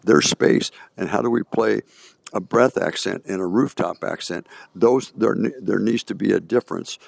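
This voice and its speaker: A man's voice: on the low side, moderate pace, vocal fry, no echo. An older man, a retired band director, giving spoken comments on a band's performance and singing out phrases to show how they should sound. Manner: sings and scats passages to show phrasing. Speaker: band adjudicator. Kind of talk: recorded band clinic comments. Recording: music playing loudly underneath. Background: band music playing.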